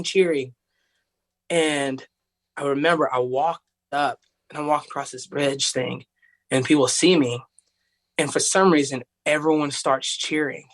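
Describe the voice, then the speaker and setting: A man's voice: mid-range voice, fairly even intonation, normal speed, fairly bright tone. A young man from Tennessee, telling a story in a rambling, casual way, full of "like". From Tennessee, USA. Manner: rambling, heavy use of "like", acts out voices of others. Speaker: podcast guest, singer.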